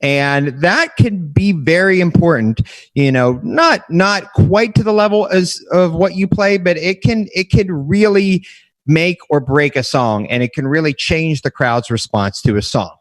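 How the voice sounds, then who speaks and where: A man's voice: on the high side, animated, measured pace, dry recording. A man presenting a DJ education talk in an earnest, conversational way, often restarting his sentences. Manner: earnest, conversational, self-correcting.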